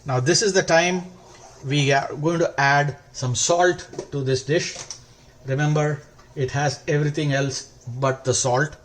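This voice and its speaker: A man with a fairly high-pitched voice walks viewers through a recipe at the stove. He explains each step calmly and drawn out, leaning on words for emphasis. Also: a little slow, a little hiss or hum. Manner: calm, step-by-step instructional. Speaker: cooking channel host. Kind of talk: cooking demonstration.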